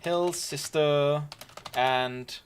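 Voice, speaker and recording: A man's voice: a little high, extremely slow, a little hiss or hum. A man with a Danish accent, a Danish speaker, leading a game raid and chatting casually while he plays. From Denmark. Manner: relaxed, chatty, thinking aloud. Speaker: raid commander. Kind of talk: casual gameplay commentary.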